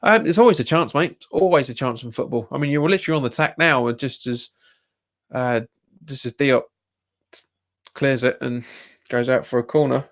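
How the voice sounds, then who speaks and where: A young man with a Cockney-tinged London accent doing live watch-along commentary of a football match, reacting loudly to refereeing calls and answering viewers' chat. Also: normal speed, pauses often. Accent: Cockney-tinged London English. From England. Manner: exasperated, jumps up in pitch at bad calls, chats with viewers. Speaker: football fan livestreamer.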